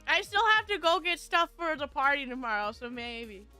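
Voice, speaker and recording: A woman's voice: high-pitched, big pitch swings, moderate pace, bright, forceful tone. A woman streamer chatting casually with her viewers, giggling and laughing often. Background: faint background music.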